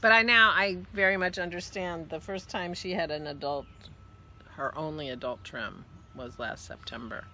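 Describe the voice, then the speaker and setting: A woman's voice: sits low, moderate pace, bright, forceful tone, slight background noise. A woman hosting a casual vlog, chatting in a rambling, easygoing way and cooing at her dog now and then. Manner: rambling and chatty, trailing off and restarting; coos affectionately to her dog. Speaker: podcast host. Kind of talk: casual chat.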